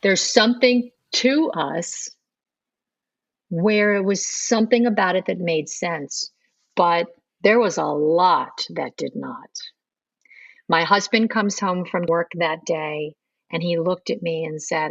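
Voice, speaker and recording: A woman's voice: lowish voice, takes it slowly, vocal fry, no echo, muffled recording. A middle-aged woman, a podcast guest, telling her conversion story in earnest and acting out remembered dialogue. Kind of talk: personal storytelling interview.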